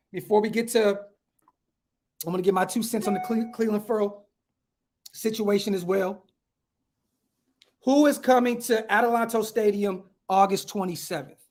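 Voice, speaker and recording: A man hosting a casual livestream podcast outdoors at home, talking in hyped slang and giving shout-outs to viewers. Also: sits high. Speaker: podcast host.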